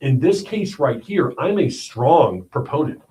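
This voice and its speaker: A man's voice: on the high side, sing-song, measured pace, warm tone, rough recording. A man hosting a livestream, giving blunt, emphatic commentary on the news and often checking in with "all right?". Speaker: livestream host.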